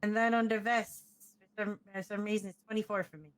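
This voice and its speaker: A woman with a mid-range, level voice speaks a little fast and sounds like she's just woken up. In a casual role-play, she plays an officer who matter-of-factly walks cadets through their uniforms step by step.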